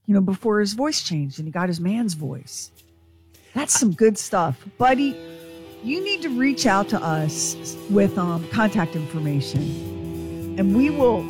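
A woman's voice: mid-range voice, a little mellow. A woman co-hosting a radio show, talking with enthusiastic, rambling energy. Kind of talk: morning radio banter.

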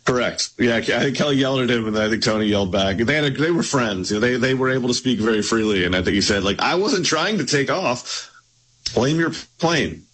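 Low-voiced male author explaining history. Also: fast, hardly any pauses, fairly bright tone, low-quality recording. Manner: explanatory, with frequent restarts. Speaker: author guest. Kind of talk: interview.

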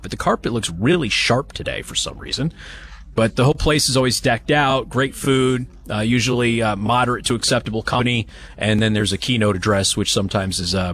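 A man's voice: fairly low pitch, a bit bright. Man hosting chatty opinionated talk radio. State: has hiccups. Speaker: radio talk show host. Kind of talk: live talk radio monologue. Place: live broadcast at a banquet hall event.

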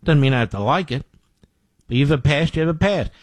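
A man with a fairly high, animated voice talks fast on a political talk show he hosts, recorded with no room sound. His opinionated monologue is indignant and emphatic, with phrases repeated for effect.

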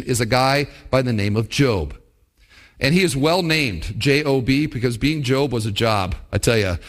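A pastor, a man, preaching a sermon to his church, asking the congregation rhetorical questions and acting out quotes. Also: on the high side. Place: church service.

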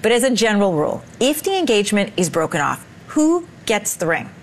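A woman hosting a morning news segment, reading clear scripted lines. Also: mid-range voice, very animated, a little fast, slight background noise. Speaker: morning show host.

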